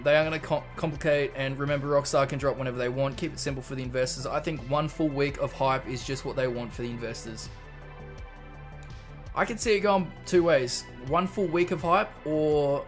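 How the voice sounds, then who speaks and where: This is a young Australian man chatting on a live stream. He reads his chat aloud and wanders into relaxed stories at a middling pitch. Soft music plays faintly behind him. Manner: chatty, reads chat messages aloud and rambles through anecdotes.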